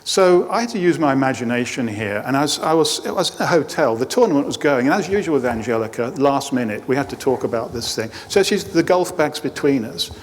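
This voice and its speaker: A man's voice: mid-range voice, expressive, a little fast, hardly any pauses. A middle-aged man, a performance coach, giving a talk to a live audience and telling anecdotes with light humor. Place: lecture hall. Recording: reverberant hall.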